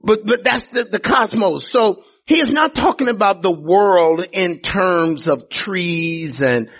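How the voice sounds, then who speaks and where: Husky preaching man, lilt. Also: high-pitched, animated, slow, a bit bright. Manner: emphatic preaching, repeats words, teasing asides to congregation. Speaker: pastor. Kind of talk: sermon. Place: church sanctuary.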